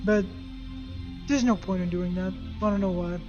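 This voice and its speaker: A gaming video creator casually recapping a game story, animated and profane, throwing in spoken sound effects. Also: mid-range voice, moderate pace, highs cut off, over music.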